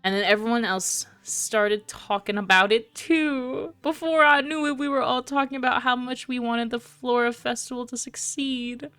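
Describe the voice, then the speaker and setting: A woman's voice: on the high side, normal speed, hardly any pauses, fairly bright tone, clear, resonant tone, faint music behind, voice pushed up, natural voice. A woman doing a young man with a country drawl. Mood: earnest. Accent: put-on American country accent.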